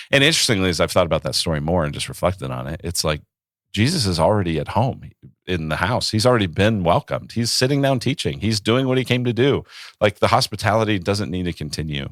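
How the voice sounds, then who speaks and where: A man in his thirties, a pastor, talking in a relaxed podcast conversation and telling stories with acted-out quotes. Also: deep voice, quick pace, dry recording, clean studio sound. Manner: reflective, storytelling with acted quotes.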